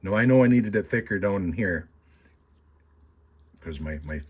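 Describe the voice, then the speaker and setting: Low husky man, folksy shop tutorial. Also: expressive, normal speed. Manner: folksy, rambling, self-mocking. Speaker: taxidermist. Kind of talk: casual how-to tutorial with jokes. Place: workshop.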